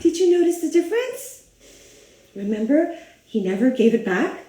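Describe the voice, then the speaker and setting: A woman reads a picture book to children, pausing to ask the listener questions. Her voice is high and swings widely in pitch. The room has an audible echo. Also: recorded from a distance. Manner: animated, asks the listener questions, gasps. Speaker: storybook reader for children. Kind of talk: children's read-aloud. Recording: roomy echo.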